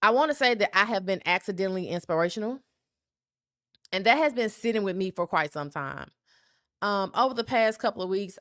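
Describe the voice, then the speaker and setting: A woman's voice: mid-range voice, a bit bright, clean tone, no echo, clean studio sound. A young woman from South Memphis with a Southern accent, talking candidly and emphatically on her solo podcast. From South Memphis, USA. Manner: candid, emphatic, keeps asking "right?". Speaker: podcast host.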